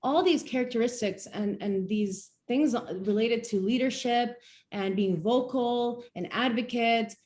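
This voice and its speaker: A young woman from Palestine talks in a casual conversation in her speech. She tells her stories with animation and laughs often. Her voice sits at an ordinary middle pitch. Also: a little mellow. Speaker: guest speaker. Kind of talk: casual chat.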